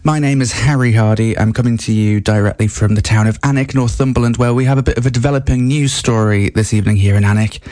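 A man hosting a comic mock radio broadcast, deadpan and rambling with many fillers. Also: medium pitch, quick pace, few pauses, no room sound, clean studio sound. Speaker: radio host.

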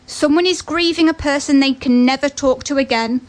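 A woman's voice: high-pitched, brisk. A woman giving an earnest motivational talk and telling a story, with chatty asides.

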